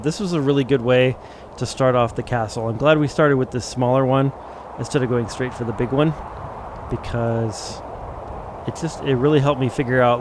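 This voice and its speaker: A man muses his way through a build in casual commentary, stopping to second-guess himself. His pitch sits in an ordinary middle range. A steady noisy hum runs under the recording. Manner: thinking aloud, rambling, self-correcting. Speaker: gameplay commentator.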